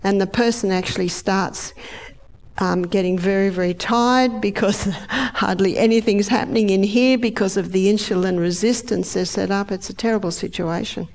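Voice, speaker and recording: A middle-aged woman giving a lively health lecture, acting out the body's organs in high, excited voices. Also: normal speed.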